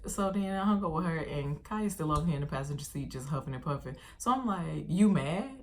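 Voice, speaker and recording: A woman's voice: low-pitched, animated, fast talker, a little hiss or hum. A woman vlogger telling a casual storytime, chatty and slangy, talking straight to her viewers.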